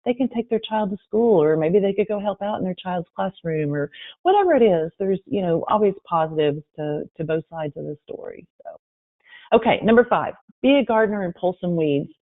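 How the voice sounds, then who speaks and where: A woman presents a webinar, telling workplace stories with lively quoted voices. Her voice comes through a thin, phone-like line with no room sound at all. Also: fairly low pitch, a little fast, no room sound. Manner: lively storytelling, acting out quotes. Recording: tinny phone-line audio.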